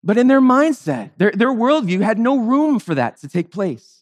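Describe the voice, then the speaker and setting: A man's voice: high voice, big pitch swings, moderate pace. A man preaching a sermon in a conversational, wry way, sometimes acting out the people in the story in playful voices. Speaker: pastor.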